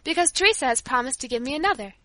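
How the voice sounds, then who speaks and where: Storybook girl, gentle and devout, soft and heartfelt, played by a woman, high bright voice. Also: lively intonation, very fast, no echo. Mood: tender.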